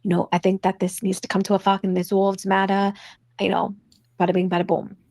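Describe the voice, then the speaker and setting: A woman's voice: mid-range voice, monotone, a little fast, darkish tone, no room sound, close to an everyday voice. A woman voicing a tough-talking, confrontational woman in an amateur skit, threatening and swearing.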